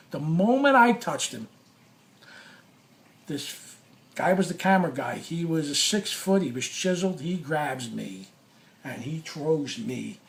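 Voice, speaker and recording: A middle-aged man telling a personal story in an animated, blunt, profane way, full of restarts. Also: on the high side, moderate pace. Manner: blunt, profane, restless, acts out quoted lines. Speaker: storyteller recounting a past clash.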